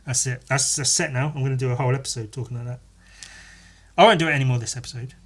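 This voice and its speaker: A man's voice: medium pitch, fast talker, a bit bright, breathy edge. English guy doing a solo podcast, swears a lot, sarcastic, wanders off on tangents. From England. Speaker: podcast host. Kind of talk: casual solo podcast rambling.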